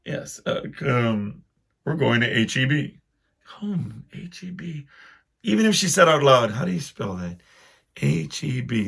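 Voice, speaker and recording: A man's voice: medium pitch, sing-song, measured pace, gravelly, a bit bright, husky. A man hosting a solo podcast, rambling casually through wry, self-deprecating complaints. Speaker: podcast host.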